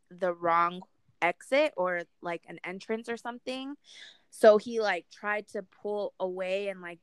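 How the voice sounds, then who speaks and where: Smooth-voiced woman telling a story. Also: mid-range voice, fairly bright tone, dry recording. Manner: storytelling, chatty, many fillers. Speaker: podcast co-host. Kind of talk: casual chat.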